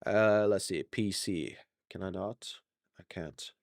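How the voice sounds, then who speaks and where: Deep-voiced rambling male streamer. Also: takes it slowly, vocal fry, no echo, clean studio sound. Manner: rambling, self-correcting, laughs often. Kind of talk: casual live-stream chat.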